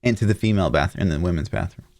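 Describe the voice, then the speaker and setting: Male podcast co-host: very deep voice, dry close mic, laid-back storyteller. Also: racing, creaky, a little mellow, no room sound. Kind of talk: casual gaming podcast chat.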